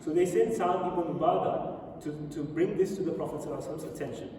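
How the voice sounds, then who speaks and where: A man giving a storytelling religious lecture in a mosque, retelling events in an animated way and reading quoted speeches aloud. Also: fairly high pitch, fast talker. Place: mosque prayer hall. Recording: very echoey hall, speaker far from mic, audible noise.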